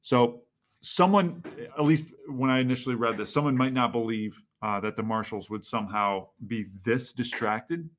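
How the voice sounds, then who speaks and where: A man's voice: medium pitch, moderate pace. Male podcast host, eager and chatty, mid-range voice, sharing history in a casual talk. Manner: enthusiastic, reads quotes aloud then comments.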